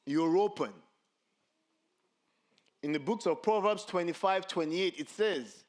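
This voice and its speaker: Male pastor, middle-aged, high and lively sermon delivery with self-mocking humor. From Nigeria. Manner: animated, self-mocking humor, rhetorical "you see".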